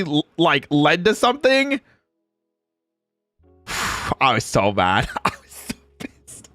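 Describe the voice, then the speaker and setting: A man talks casually to his stream, ranting with plenty of swearing and breaking into laughter often. His pitch leaps all over the place, very lively and expressive. The sound is dry and close, with no room echo. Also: a little slow, soft background music. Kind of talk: casual livestream chat.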